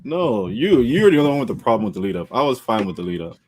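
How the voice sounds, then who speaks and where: A man co-hosting a wrestling podcast in casual chat, animated and argumentative, often laughing. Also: on the low side, racing. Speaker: podcast co-host.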